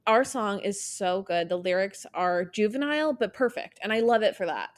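A woman's voice: mid-range voice, moderate pace. A young woman hosting a podcast, chatting casually and enthusiastically, often correcting herself mid-sentence. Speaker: podcast host. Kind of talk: casual chat.

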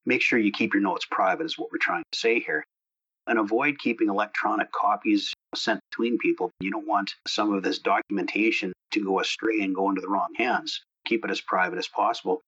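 A man with a low, husky voice co-hosts a casual podcast chat. He talks in a relaxed, conversational way. The recording sounds dull and lo-fi. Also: a little fast. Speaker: co-host.

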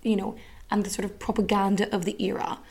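A woman's voice: medium pitch, little pitch movement, quick pace, darkish tone, breathy edge. A woman hosting a podcast, telling a history story in a casual, rambling way with lots of fillers and swearing. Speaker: podcast host.

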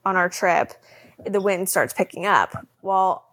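A young woman co-hosting a podcast, telling a story in a lively, laughing way. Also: fairly low pitch, measured pace. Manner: animated storytelling with frequent laughs. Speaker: podcast co-host. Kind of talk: casual chat.

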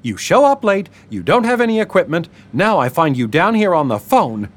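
A man's voice: high-pitched, sing-song, moderate pace, voice pushed up. A man voicing an angry mother who scolds a worker sharply. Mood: scolding. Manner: scolding, indignant. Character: angry shrill woman, a mother.

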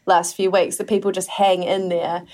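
A woman's voice: fairly low pitch, level tone, normal speed, a little mellow. A woman, chatting enthusiastically on a podcast panel and asking eager questions. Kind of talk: casual chat.

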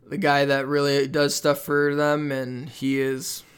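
A man hosting a casual sports talk show, running through statistics in a quick, laid-back way. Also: a little high, monotone, clear, resonant tone. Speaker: host.

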